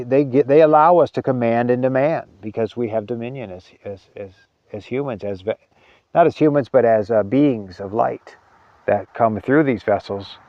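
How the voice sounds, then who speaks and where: A man giving an earnest spiritual talk, halting often and repeating words as he searches for them. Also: mid-range voice, no echo, lo-fi sound. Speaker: spiritual teacher.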